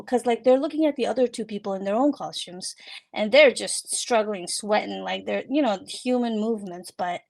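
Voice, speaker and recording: A woman narrating a tabletop game as game master, relaxed and hesitant, with many fillers. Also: fairly high pitch.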